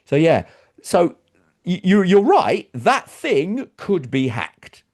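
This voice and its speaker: A man co-hosting a casual podcast discussion, talking expressively about technology. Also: takes it slowly. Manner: expressive, swings his pitch up and down. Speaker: co-host.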